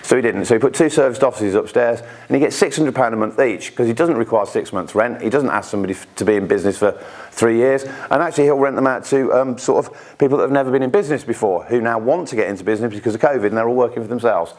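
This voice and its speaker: A British man talks to a room of investors in a loose, chatty way, tossing in asides and little acted-out quotes. His voice sits at a middling pitch for a man. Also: fast, few pauses, a little mellow. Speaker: speaker at an investor networking event. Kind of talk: informal presentation with anecdotes.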